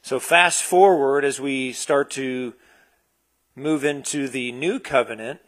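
A man preaching a conversational sermon, relaxed and searching, with frequent fillers and restarts. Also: medium pitch, unhurried. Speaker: pastor.

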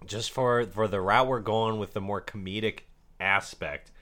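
Easygoing podcast co-host: a man with a low but bright, forward voice who talks loosely and laughs often. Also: steady tone, unhurried. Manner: easygoing, laughs along, pitches ideas. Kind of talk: casual podcast discussion.

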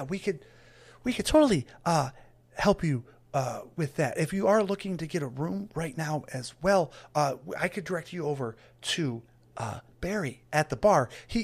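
A man's voice: on the high side, husky, pitched above the performer's own voice. A man voicing a small, anxious young male tavern greeter who stammers and rambles when flustered.

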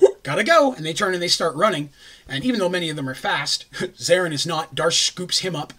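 A man casually retells a tabletop campaign, rambling and tossing in jokey asides. His voice is bright and forceful, with a husky edge and a pitch a little above average. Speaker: game master recapping a campaign.

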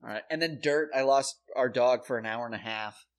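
A man's voice: mid-range voice, fairly quick. A middle-aged man from South Dakota, co-hosting a podcast, who tells a story in a casual, profane way and acts out his own past reactions. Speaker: podcast co-host.

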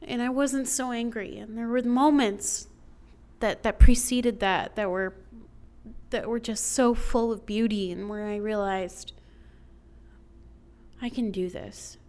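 Woman telling a personal story, smooth voice. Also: on the high side, fairly even intonation, takes it slowly, long pauses, darkish tone. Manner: emotional, building lists of complaints. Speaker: storyteller on stage. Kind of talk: personal story told to an audience.

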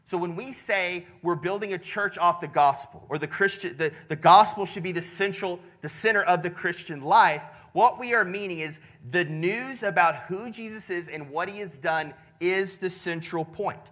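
A man's voice: sits high, normal speed, hardly any pauses, pushed and bright. A man, preaching a conversational sermon and often checking in with the congregation. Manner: conversational, with many restarts and "right?" checks. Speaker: pastor.

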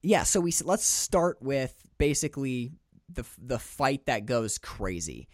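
A man co-hosting a podcast, talking through a film in a casual, animated, profane way. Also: mid-range voice, measured pace, no room sound, studio quality. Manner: animated, profane, restarts often. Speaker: podcast co-host.

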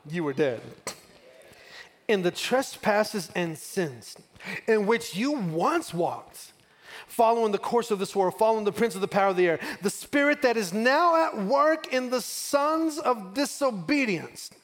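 A middle-aged West Texas preacher builds call-and-response refrains in his sermon, tells a family story, and rises to shouts. His high voice is sing-song and measured in pace.

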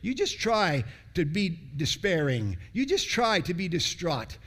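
Man, sermon, high voice, very animated delivery, emphatic repetition. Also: measured pace. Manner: repetitive, emphatic, swings from loud high bursts to low hushed lines. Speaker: preacher.

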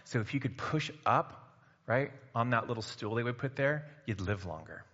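Bright-voiced male preacher in a hall. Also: medium pitch, lively intonation, moderate pace. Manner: conversational, rising to loud emphatic bursts. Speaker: pastor. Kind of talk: sermon. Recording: muffled sound in a reverberant hall.

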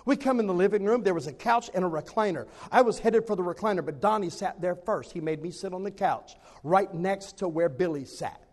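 A man preaching a sermon and telling a personal story in an animated way, repeating phrases for emphasis. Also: high voice, fairly quick, few pauses, in a large hall.

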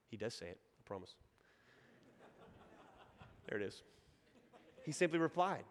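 A man's voice: sits high, expressive, fairly quick, long pauses, big-room sound. A man from East Texas with a Texan accent, preaching a sermon in a casual storytelling way and joking with the congregation. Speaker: pastor.

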